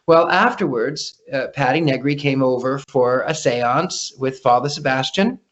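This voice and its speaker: A man's voice: medium pitch, unhurried, fairly bright tone, muffled recording. A man talking as a guest psychic in a casual interview, telling stories with lots of restarts over a remote call. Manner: chatty storyteller, frequent restarts.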